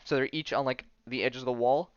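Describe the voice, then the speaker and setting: A man's voice: medium pitch, fairly even intonation, quick pace, smooth, dry recording, highs cut off. A man hosting a podcast, casually retelling a comic story with lots of fillers and frequent laughs. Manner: rambling, many fillers, laughs often. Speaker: podcast host. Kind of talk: casual comic-book recap.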